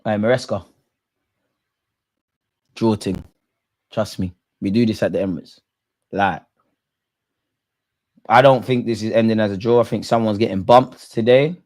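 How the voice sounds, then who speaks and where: A young man hosting a football watch-along, reacting live, shouting at players and the referee in heavy slang. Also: fairly low pitch, measured pace, long pauses. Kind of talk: live match reaction commentary.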